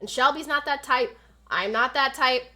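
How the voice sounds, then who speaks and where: A young woman streamer tells a personal story in a loose, conversational way. Her voice is bright and slightly high-pitched, with a sharp edge to it. She swears freely and voices what other people said loudly and with energy. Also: moderate pace. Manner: animated, swears, acts out quotes loudly. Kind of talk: casual storytelling chat.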